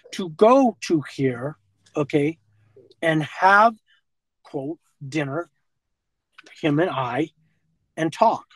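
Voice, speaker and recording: A middle-aged man talking in a halting, rambling way with nervous laughter. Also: fairly high pitch, a bit bright, no echo, rough recording. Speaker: confronted man. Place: parked car outside a fast-food restaurant.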